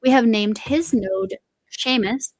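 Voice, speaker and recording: There's no echo on this poor-quality recording of a middle-aged woman running a crochet livestream. Her fairly high voice, which is slightly going, moves slowly through casual, rambling chat that trails off and restarts.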